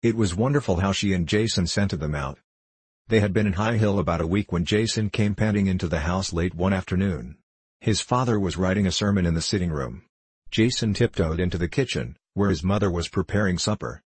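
A man narrating a story in a measured, unhurried audiobook reading. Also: low voice, husky, no echo.

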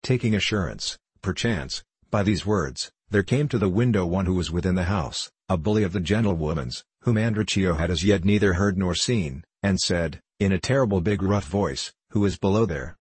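A man narrating a classic tale in measured, archaic language. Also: low-pitched, slightly rough, dry recording.

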